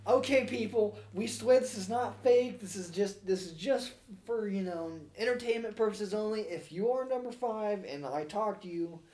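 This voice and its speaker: A man's voice: sits high, normal speed, darkish tone, voice pushed up, natural voice. A man imitating a flustered male radio host who earnestly pleads with his listeners. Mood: pleading. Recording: echoey room.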